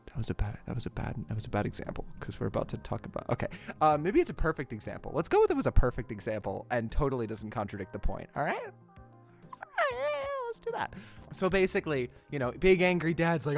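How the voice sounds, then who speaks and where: A young adult film commentator delivering a comedic, profanity-laced rant, self-mocking and animated. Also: medium pitch, a little fast, soft background music.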